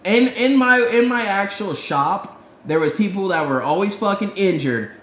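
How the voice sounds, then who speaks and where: A man co-hosting a podcast, telling stories in a casual, profane, animated way. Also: sits high, moderate pace, echoey room. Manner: profane, animated storyteller, heavy swearing. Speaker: podcast co-host. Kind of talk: casual storytelling chat.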